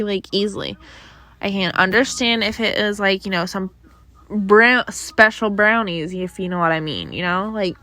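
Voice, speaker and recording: Her medium-pitched voice is a bit bright and has no echo. This young woman hosts her own podcast, wandering through the week's news in casual chat with lots of fillers and sighs, bothered by allergies.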